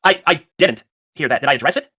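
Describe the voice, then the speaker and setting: Man, defensive group leader on voice chat; fast and insistent, sharp bright tone. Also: fairly high pitch, animated, husky, dry recording. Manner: defensive, insistent, voice rising then apologetic. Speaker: group leader facing criticism. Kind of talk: tense voice-chat argument.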